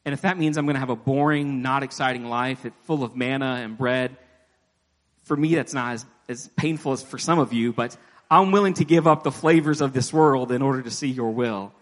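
A man's voice: medium pitch, fairly quick. A man preaching a sermon in a church, talking to the congregation in a conversational way, with self-deprecating asides and acted-out prayers. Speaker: pastor. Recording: long reverb of a large hall.

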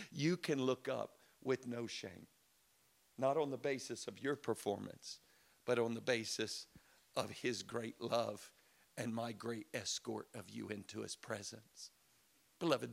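A middle-aged pastor preaches a sermon in a gravelly, mid-range voice, taking it slowly with long pauses. He tells stories in a chatty, conversational way, laughing along and acting out quotes.

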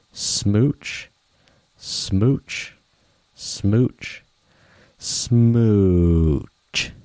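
A gloomy, resigned storybook fish, as a man reading aloud puts him on. He laments in slow, mournful rhyme, his voice very deep and unhurried. The sound is close and dry, with no room around it. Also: dry recording.

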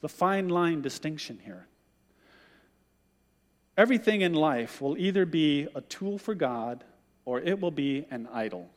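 A male pastor preaching a sermon, an animated storyteller who acts out the voices he quotes. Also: on the high side, unhurried, pauses often, big-room sound.

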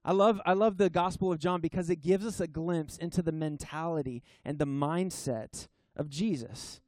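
A pastor preaching to his church in a fairly high man's voice, earnest and emphatic. He leans on key phrases by slowing down and sometimes stumbles and restarts mid-sentence. The sound is dry and close. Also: a little mellow, no room sound. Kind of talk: sermon. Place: church service.

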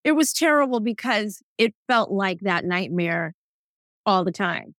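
A middle-aged woman speaking candidly in a casual interview, animated and quick to laugh, acting out the things she once said. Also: mid-range voice, no room sound. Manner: candid, animated, laughs often, acts out quotes. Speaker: guest.

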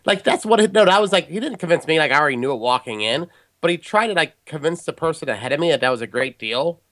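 A man's voice: a little high, expressive, fast, a bit bright. A man co-hosting a podcast, sick and congested with a nasal voice, telling a story in casual chat with frequent laughs. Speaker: podcast co-host.

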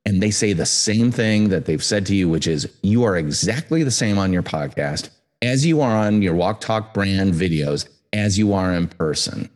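A man's voice: low-pitched, animated, moderate pace, darkish tone. A man hosting a podcast interview, talking in a conversational, enthusiastic way. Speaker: podcast host.

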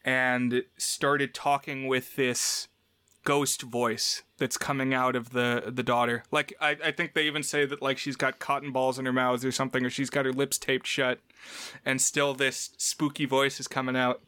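A man's voice: mid-range voice, moderate pace, clear, resonant tone, no echo. A man co-hosting a podcast, chatting casually about a film he has watched and animatedly retelling scenes in quoted voices. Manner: animated retelling, quoting characters in raised voices. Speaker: podcast co-host. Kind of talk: casual film review chat.

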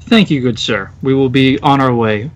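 A man's voice: mid-range voice, normal speed. A man playing a tabletop game in character, speaking in a mock-formal, courtly way. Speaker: player. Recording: dull lo-fi sound.

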